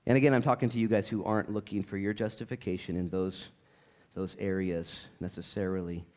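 Middle-aged guy pastor preaching, jokey and animated, gets loud then goes real quiet. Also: deep voice, fairly quick. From Oregon coast, USA. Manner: animated and joking, swinging from loud to hushed, mimicking voices. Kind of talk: sermon.

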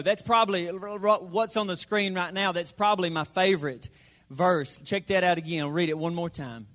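High-voiced folksy preacher. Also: male voice, fairly even intonation, a bit bright. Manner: folksy and joking, slows down to stress numbers. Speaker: pastor. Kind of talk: sermon.

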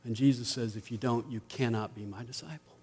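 A man preaching a sermon as pastor, rising to emphatic peaks and dropping to quiet asides. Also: medium pitch, steady tone, a little fast, breathy edge, in a large hall.

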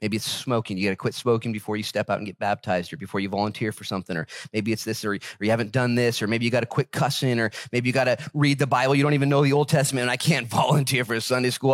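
A male pastor preaching a sermon in an animated, conversational way and joking with the congregation. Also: medium pitch, racing, few pauses, no room sound, studio quality.

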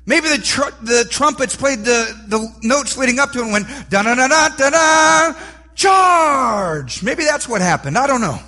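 A man preaching a sermon, animated and rising to near-shouts for emphasis. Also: extremely high pitch, a little fast, few pauses. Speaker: pastor.

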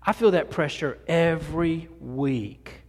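Folksy pastor in a reverberant hall. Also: male voice, on the high side, slow. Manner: folksy and self-deprecating, rambling with many restarts. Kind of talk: conversational sermon. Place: church sanctuary.

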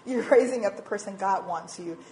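A woman in her forties giving an informal church talk on parenting, animated and acting out little quoted voices. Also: mid-range voice, fairly quick, low-quality recording. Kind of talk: informal sermon talk with slides.

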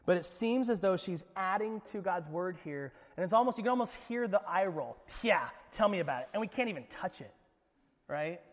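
A man's voice: sits high, animated, normal speed, big-room sound. A man preaching a sermon as pastor, in an emphatic, conversational way.

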